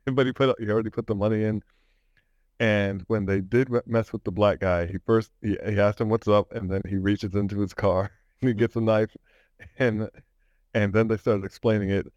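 Low-voiced man telling a rambling story. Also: steady tone, normal speed, a little mellow, dry recording, highs cut off. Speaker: podcast co-host. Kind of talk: casual chat.

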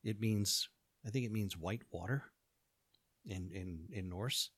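A man's voice: on the low side, unhurried, a bit bright, breathy edge, no echo. An American man chatting casually, telling stories and laughing often. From United States. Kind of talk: casual chat.

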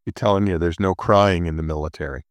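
A man's voice: deep voice, fairly even intonation, fast talker, dry recording. A man in his sixties chatting casually as a co-host, telling stories about himself with dry, self-mocking humor. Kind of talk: casual chat.

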